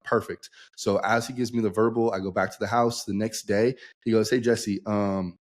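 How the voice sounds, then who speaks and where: A man's voice: fairly low pitch, little pitch movement, brisk, hardly any pauses. A young man, a podcast guest, telling his story casually and acting out the dialogue he quotes. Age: young adult.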